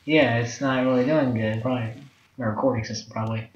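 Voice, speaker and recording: A young man playing a game and chatting, excitable and quick to laugh. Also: medium pitch, background noise. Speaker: gamer. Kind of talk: casual gameplay chat. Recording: echoey room, far mic, dull.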